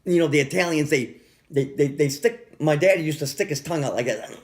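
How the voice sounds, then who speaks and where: Gravelly man rambling through a story. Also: fairly high pitch, fairly quick. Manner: rambling, stumbling restarts and repeated words. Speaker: vlogger.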